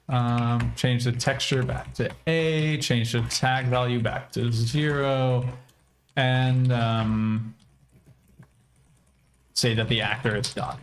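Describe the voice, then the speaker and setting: A man's voice: mid-range voice, steady tone, slow pace, gravelly, long pauses, slight background noise. A young American man casually thinking aloud while programming on a livestream, with many fillers. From United States. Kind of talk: casual live coding commentary.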